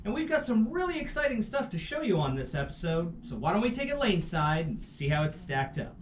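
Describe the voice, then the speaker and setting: A man opening his show as host, with an energetic, announcer-like manner. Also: high-pitched, a little fast, echoey room, a little hiss or hum. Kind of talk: upbeat show intro.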